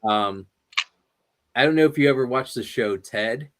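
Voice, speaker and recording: A man's voice: mid-range voice, normal speed. A man hosting an interview, telling rambling stories in casual chat and laughing often. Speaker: interview host.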